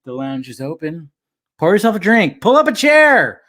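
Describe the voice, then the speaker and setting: A man's voice: high voice, very animated, normal speed, pushed and bright. Upbeat man hosting a livestream. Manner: upbeat, greets chat viewers by name. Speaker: livestream host. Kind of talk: casual livestream chat.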